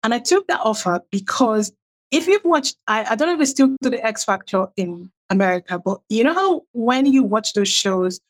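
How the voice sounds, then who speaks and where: This middle-aged Nigerian writer has a fairly high pitch, lively intonation, and normal speed as she recounts her own story with animation. Whenever she quotes others, her voice rises and grows livelier.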